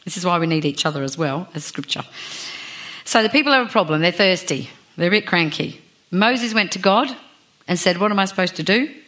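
A woman's voice: fairly low pitch, lively intonation, fairly quick, a bit bright. A woman preaching a sermon in a chatty, self-deprecating way, asking the congregation questions. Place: church.

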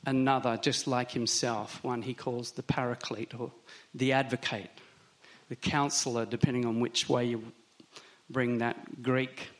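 Male pastor, mid-pitched voice, conversational sermon delivery, slow emphatic stresses. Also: a bit bright.

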